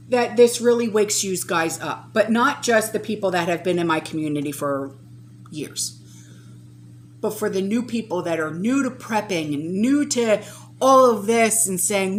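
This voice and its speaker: A woman's voice: medium pitch, slight background noise. A woman vlogging about prepping, talking to viewers in an emphatic, exasperated, lecturing way. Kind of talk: casual to-camera vlog talk.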